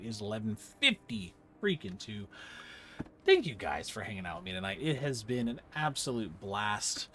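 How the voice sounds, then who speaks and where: A man streaming a game, chatting to viewers in a relaxed, rambling, filler-heavy way. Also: mid-range voice, slight background noise. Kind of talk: casual gaming commentary.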